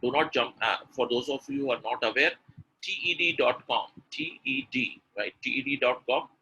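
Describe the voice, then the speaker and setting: Guy teaching pronunciation on a webinar, bright tone, kinda husky, keeps coaxing people. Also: mid-range voice, normal speed, poor audio. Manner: coaxing, repetitive, addresses attendees directly. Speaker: English pronunciation coach.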